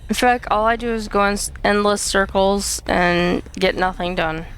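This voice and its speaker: A woman's voice: mid-range voice, steady tone, moderate pace, clean tone. A woman streaming a multiplayer game, chatting casually with teammates and grumbling at herself. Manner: self-deprecating, grumbling about the map. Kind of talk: casual gaming chat with teammates.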